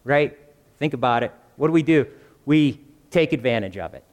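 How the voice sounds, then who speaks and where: A man's voice: mid-range voice, expressive, normal speed, darkish tone, big-room sound. A man preaching a conversational sermon, often asking the congregation questions. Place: church.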